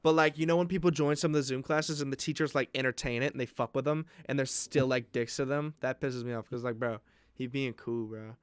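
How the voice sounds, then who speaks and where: A man's voice: mid-range voice, steady tone, a little fast, clear, resonant tone, no room sound. A young man co-hosting a podcast, telling stories in casual chat, swearing often and acting out what other people said. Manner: swearing storyteller, acts out other people's lines. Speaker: podcast host.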